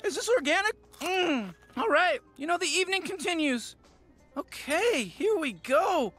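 A man's voice: extremely high pitch, big pitch swings, measured pace, a bit bright, soft background music, full character voice. A man voicing a cocky, overconfident teenage boy in a cartoon, talking in a brash, rambling, self-assured way. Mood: breezy. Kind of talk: animated cartoon acting.

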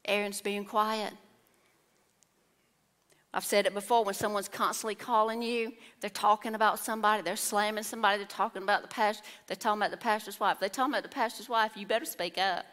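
A woman's voice: mid-range voice, fairly even intonation, a little fast, a bit bright. A woman preaching a sermon, telling the story with exclamations and acted-out voices. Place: church hall. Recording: long hall reverb.

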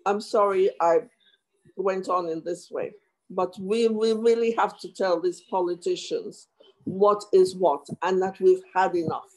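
A woman's voice: fairly low pitch, fairly even intonation, a little slow, a little mellow, poor audio. A woman commissioner speaking at a formal hearing over a video call, impassioned and emotional, with many restarts.

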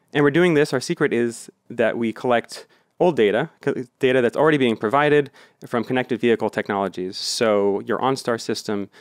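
American man pitching, dry close sound. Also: no room sound. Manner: measured, with some ums. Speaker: startup executive pitching. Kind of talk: startup pitch.

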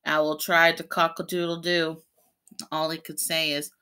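A woman with a low, smooth, unhurried voice reads a picture book aloud to children. She's a preschool teacher, and between pages she animatedly explains the pictures.

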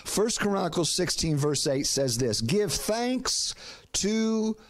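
A man's voice: high-pitched, very animated, takes it slowly. A middle-aged man preaching a sermon as pastor, calling on the congregation to repeat words, often restarting phrases. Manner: preaching with call-and-response prompts to the congregation.

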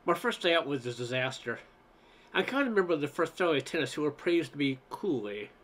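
A man's voice: fairly high pitch, fairly quick. Man reading a humor essay aloud. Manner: wry, expressive storytelling.

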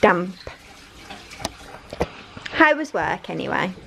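A woman's voice: fairly low pitch, sing-song, takes it slowly, gravelly, fairly bright tone, poor audio. A woman, chatting to the camera at home while doing chores. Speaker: vlogger, mother. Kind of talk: casual vlog chat. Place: family home.

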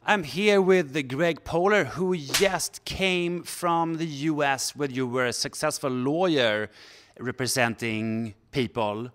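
A man's voice: a little high, slow. Playful man hosting comedy interview. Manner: playful, deadpan, jumpy. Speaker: comic celebrity reporter host. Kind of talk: absurd comic interview. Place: indoors on a sofa.

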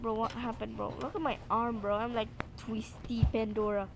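A woman's voice: a little high, little pitch movement, moderate pace, creaky, noisy background. A woman commentating her game play in a playful way, repeating lines and yelping out now and then. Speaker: gaming channel host.

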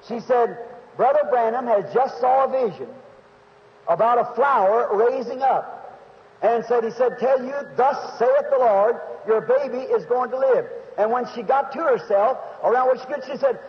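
A man's voice: very high-pitched, normal speed. A man preaching an emotional sermon, stretching his exclamations out. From United States. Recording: dull, hissy 1950s tape in a long-reverb hall.

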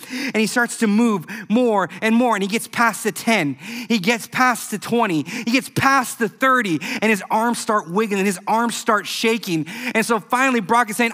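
Bright-voiced male youth pastor preaching. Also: sits high. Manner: animated storytelling, emphatic. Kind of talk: sermon. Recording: echoey hall.

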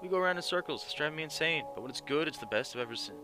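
A man's voice: on the high side, animated, very fast, pitched above the performer's own voice, lightly acted. A man voicing an anxious, volatile young woman in love, pleading and near tears, with game music underneath. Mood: pleading, distraught.

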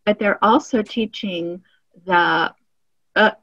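A woman's voice: medium pitch, slow pace, gravelly, a bit bright, highs cut off, faint music behind. A woman hosting a language interview over a video call, curious and analytical, with linguistics terms. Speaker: host. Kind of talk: interview chat.

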